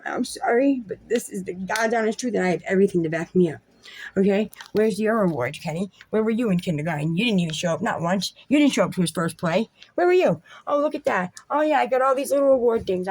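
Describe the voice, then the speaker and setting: A woman's voice: medium pitch, a little mellow, husky. A woman vlogger and mother ranting to the camera at home, heated and profane, confronting someone directly. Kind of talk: ranting video monologue.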